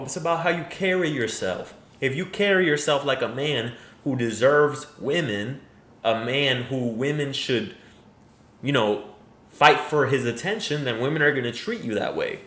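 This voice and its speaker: A man's voice: medium pitch, moderate pace, a bit bright. A man giving crude, mocking reaction commentary, emphatic and profane. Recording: echoey room.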